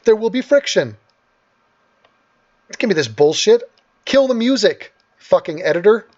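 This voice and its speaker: A man's voice: high voice, lively intonation, unhurried, a little mellow, highs cut off. A man hosting an angry, sarcastic and profane rant over video clips. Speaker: host.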